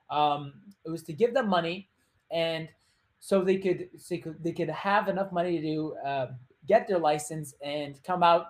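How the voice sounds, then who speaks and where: A male host in a relaxed, rambling storytelling monologue. He drifts through the tale with fillers and restarts. He breaks it up with wisecracks to the listener. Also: high-pitched. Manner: chatty, loose, with joking asides and quick put-on voices. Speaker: podcast host.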